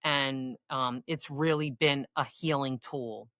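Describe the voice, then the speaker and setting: A woman's voice: very deep voice, steady tone, slow pace, fairly bright tone, no room sound. A woman in her forties co-hosting a casual podcast as a coach, giving earnest, encouraging advice. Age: 40s.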